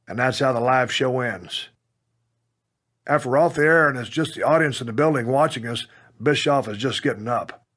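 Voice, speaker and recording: A man from Texas reads his own memoir aloud in a gruff, plainspoken manner, with the odd curse word mixed in. His voice sits in an ordinary middle range, and he tells the story straight, as in an audiobook. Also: medium pitch. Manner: punches up quoted lines with loud bursts. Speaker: memoir narrator.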